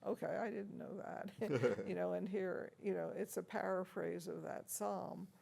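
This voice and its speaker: In a university room, an older woman who plays the organ reminisces during a chatty interview, her lowish, dark voice gravelly and husky. She speaks a little slowly with a steady tone, telling anecdotes about past encounters, using lots of fillers and laughing often between stories.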